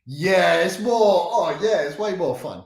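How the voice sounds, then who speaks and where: A young man with a London accent chats loosely on a livestream, reading out viewer comments, stumbling over repeated words and laughing along the way. His pitch swings a lot as he talks. The sound is roomy, with a clear echo around him. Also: animated, measured pace. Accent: London English. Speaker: charity livestream host.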